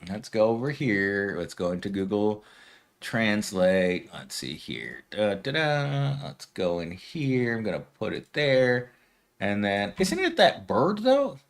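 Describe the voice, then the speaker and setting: A man's voice: on the low side, sing-song, slow. A man in his thirties hosting a casual live stream at home, rambling and giggling as he answers viewer comments. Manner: rambling and giggly, talking to chat. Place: at home, streaming without camera.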